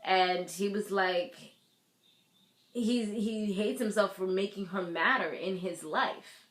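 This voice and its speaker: A woman's voice: mid-range voice, slow. Chatty woman recapping in an echoey room. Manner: animated, laughs often, mimics characters. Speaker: TV recap vlogger. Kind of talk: casual recap with acted-out quotes.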